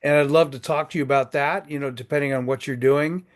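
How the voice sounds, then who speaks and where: A man's voice: mid-range voice, fairly even intonation, fast talker. A man in his sixties hosting a networking group on a video call, folksy and joking, often repeating his words.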